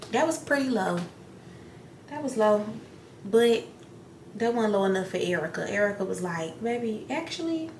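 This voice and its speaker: A young woman talks straight into the camera while getting ready, blunt and full of profanity, acting out what people said. Her voice sits at a middle pitch and bounces around an echoey room with a faint hum of ambient noise behind it. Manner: blunt, profane, animated retelling with acted-out quotes. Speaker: beauty vlogger.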